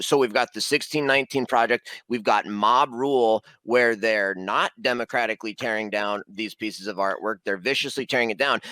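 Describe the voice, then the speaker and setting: A man's voice: medium pitch, pushed and bright, no echo, poor audio. A man from the Mountain West arguing indignantly and emphatically in a heated political debate, repeating words when pressed. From Mountain West, United States. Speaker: debate panelist.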